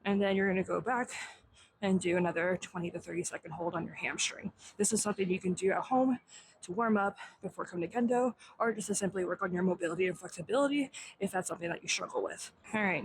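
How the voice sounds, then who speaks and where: A woman's voice: on the low side, a little fast, poor audio. Young woman instructor demoing stretches, a bit winded, faint noise behind. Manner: encouraging, instructive, counts aloud in Japanese. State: slightly out of breath. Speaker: fitness instructor. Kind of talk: instructional demo while exercising.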